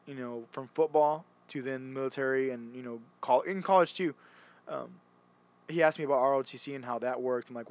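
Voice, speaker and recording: A man's voice: medium pitch, brisk. A young man chatting casually, rambling and restarting often as he retells stories. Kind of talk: casual chat.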